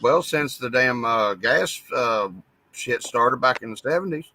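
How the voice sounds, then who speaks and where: A man's voice: medium pitch, animated, unhurried, pushed and bright, a little hiss or hum. A man chatting casually in a folksy, joking and agreeable way. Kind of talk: casual chat.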